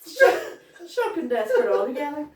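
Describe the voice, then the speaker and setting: A woman's voice: high-pitched, very animated, a little fast, darkish tone. A woman, co-hosting a tipsy casual chat, giggly and rambling, swearing as she tells stories. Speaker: podcast co-host. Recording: echoey room, distant mic.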